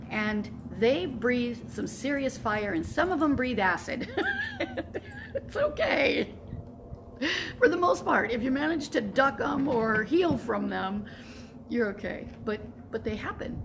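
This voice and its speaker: A woman's voice: medium pitch, vocal fry, a little hiss or hum. A woman in her fifties giving a casual, emotional video update, rambling and laughing often. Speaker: horse sanctuary founder. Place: Walnut Creek area.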